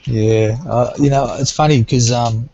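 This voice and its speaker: A man's voice: medium pitch, fairly even intonation, measured pace, creaky, warm tone, muffled recording. A man chatting casually in an online group hangout, hesitant with many fillers and restarts. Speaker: hangout participant.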